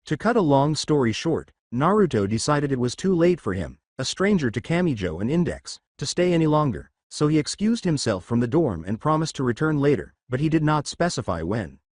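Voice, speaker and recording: A man narrating a fan fiction story in an even storytelling manner. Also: a little high, a little fast, hardly any pauses, no echo, clean studio sound.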